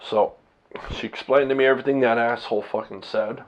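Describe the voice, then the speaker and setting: A man's voice: mid-range voice, steady tone, fairly quick. A man talking candidly to his own camera, blunt and profane, rambling with restarts as a husband and father. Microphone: camera set up by himself.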